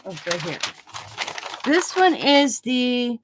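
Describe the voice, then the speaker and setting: A woman's voice: a little high, sing-song, slow pace, noisy background. A woman hosting a casual craft live stream, chatting and telling stories in a rambling way while she works. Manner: rambling, chatty storytelling with laughs. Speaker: craft channel host.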